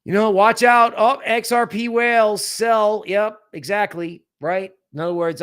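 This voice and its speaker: A man's voice: high voice, measured pace, few pauses, clean tone. A man hosting a crypto livestream, talking casually and animatedly, often mocking other people's worries in quoted voices. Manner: animated, sarcastic, mock-quoting others.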